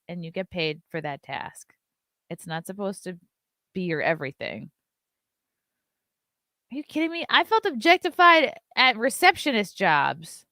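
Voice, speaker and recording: A woman's voice: fairly low pitch, a bit bright, no room sound, studio quality. Sarcastic ranting woman host. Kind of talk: opinionated commentary.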